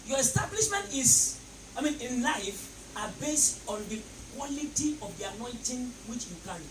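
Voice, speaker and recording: A man's voice: extremely high pitch, lively intonation, normal speed. A man preaching a sermon emphatically, repeating phrases and leading the congregation in call-and-response. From Nigeria. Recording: echoey, distant mic, noisy.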